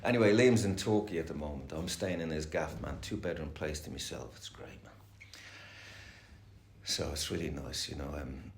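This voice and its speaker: In an echoey room with a bit of noise, a middle-aged man with an extremely low voice speaks at a moderate pace. He's giving a rambling, frank, profanity-heavy share at a recovery meeting.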